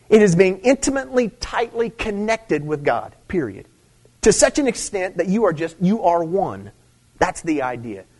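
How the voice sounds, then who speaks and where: A man preaching a sermon in a casual, conversational way, repeating phrases, checking in with "okay?", and rising to loud emphatic stress. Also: fairly high pitch. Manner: conversational, repeats himself, frequent "okay?" and "see"; rises to loud emphatic stress on key points. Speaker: pastor.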